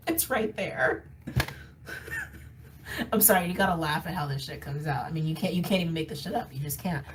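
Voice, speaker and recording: A woman with a lowish voice, recorded from a distance with background noise, gives a casual tarot reading to camera. She's candid and emphatic as she reads intuitively, laughing often and repeating phrases for emphasis.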